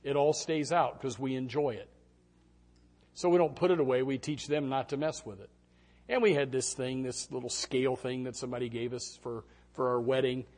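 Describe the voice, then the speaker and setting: Animated, lively-voiced man preaching. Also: on the high side, breathy edge. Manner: animated storytelling with shouted quotes. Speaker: pastor. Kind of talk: sermon.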